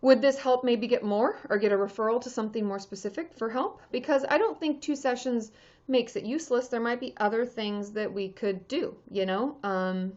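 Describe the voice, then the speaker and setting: A woman's voice: fairly high pitch, normal speed, a little mellow. Chatty woman therapist, lo-fi stream. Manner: chatty, scattered, many fillers and restarts. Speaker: therapist answering live chat. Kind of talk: casual livestream chat. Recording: dull lo-fi livestream audio.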